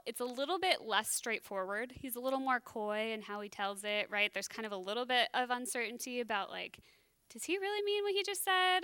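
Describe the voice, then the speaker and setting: A bible teacher delivers a casual sermon in a high, bright voice that stays smooth and clear. Her manner is chatty and self-deprecating, as if she's thinking aloud while explaining. The recording is dry and close.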